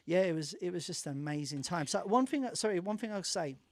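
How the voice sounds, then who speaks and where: A man being interviewed on a radio show, telling rambling stories with restarts and acting out quotes in a lively way. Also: fast. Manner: animated, acts out quotes with big jumps in pitch and volume; rambling with frequent restarts and laughter. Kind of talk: casual radio interview storytelling.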